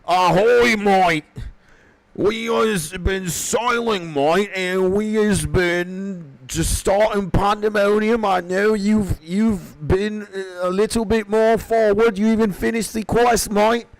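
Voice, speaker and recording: Guy doing a goofy pirate voice with fake aussie twang, high and shouty. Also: expressive, a little slow, no echo, rough recording. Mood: rowdy. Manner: loud, high-pitched mock pirate banter. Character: rowdy young male pirate sailor, pseudo-Australian.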